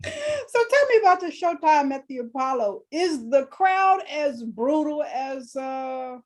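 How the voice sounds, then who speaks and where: A woman hosts a casual interview, asking questions and reacting with exclamations. Her voice is high, and her pitch moves around a lot. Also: very animated, measured pace, a little mellow. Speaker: podcast host.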